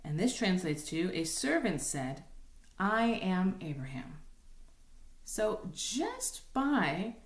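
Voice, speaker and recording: A woman's voice: medium pitch, reverberant. A woman cantor explaining how to chant Torah in a casual lesson, with many ums and rhetorical "right?". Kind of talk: informal recorded lesson with sung examples.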